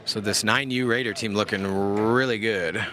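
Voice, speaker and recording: Over background noise, this play-by-play commentator speaks at a normal speed in a fairly low, fairly even voice. He's a young man calling a youth football game outdoors, and he keeps it casual, slangy, joking and self-deprecating.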